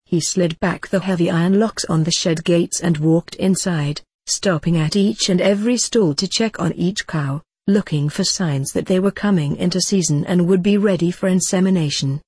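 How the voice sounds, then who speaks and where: A narrator reading a tense rural story in a steady, measured audiobook style, with a husky tone. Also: medium pitch, no room sound, clean studio sound.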